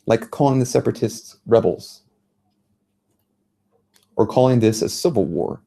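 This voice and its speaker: American man in his thirties, mellow tone, earnest speaker at a lecture. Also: on the low side, gravelly. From United States. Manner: earnest, measured storytelling. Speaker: journalist giving a talk. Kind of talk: public speech. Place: lecture venue.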